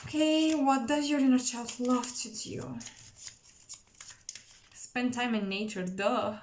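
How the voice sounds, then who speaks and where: A woman doing an intuitive tarot reading to camera, musing and searching for words with many pauses. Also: fairly high pitch, fairly even intonation, roomy sound, slight background noise. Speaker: tarot reader.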